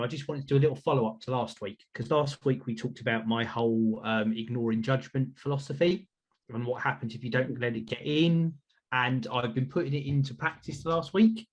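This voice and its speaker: A man hosting a podcast, chatting casually in an upbeat, self-reflective way. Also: medium pitch. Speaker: podcast host.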